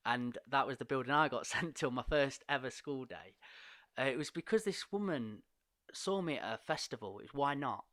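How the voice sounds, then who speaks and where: A man tells a story on a podcast in an animated, casual way, laughing often. His voice is bright and forward, recorded close and dry, with no room sound. He speaks at a middle pitch. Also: moderate pace, dry recording. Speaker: podcast guest, poet and coach.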